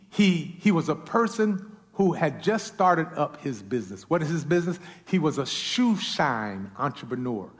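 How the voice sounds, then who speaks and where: A man's voice: on the high side, big-room sound. A man preaching a sermon as a pastor, often repeating words and calling for amens from the congregation.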